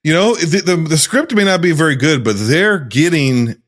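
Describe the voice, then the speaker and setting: Animated, swearing podcast co-host. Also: male voice, fairly high pitch, normal speed. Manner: animated, swearing, bursts of loud laughter. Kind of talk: casual chat.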